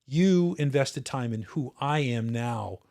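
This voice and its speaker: A man in his fifties speaks as a guest in a relaxed conversation. He looks back earnestly and thoughtfully, stopping and restarting his phrases as he goes. His voice sits at an ordinary middle pitch for a man. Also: slow pace, gravelly. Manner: earnest, reflective, frequent restarts. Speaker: podcast guest, retired officer. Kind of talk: casual interview storytelling.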